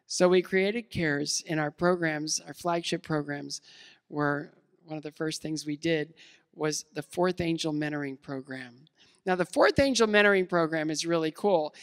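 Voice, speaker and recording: This American man in his fifties has a slightly high, somewhat bright voice as he delivers a motivational keynote, casual and self-deprecating, with many fillers and restarts. The large event hall gives the recording a long reverb.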